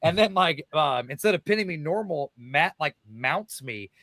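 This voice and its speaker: Excitable swearing young wrestler man. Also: fairly high pitch, moderate pace, no room sound. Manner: excited, swearing a lot, acts out quotes loudly. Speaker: guest wrestler. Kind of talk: casual storytelling in a podcast interview.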